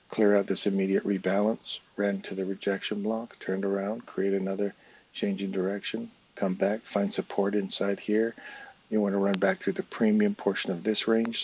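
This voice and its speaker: Husky English man on dull lo-fi audio. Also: on the low side, a little mellow. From England. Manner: casual, chatty, walking through the chart step by step. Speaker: trading educator. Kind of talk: live chart commentary.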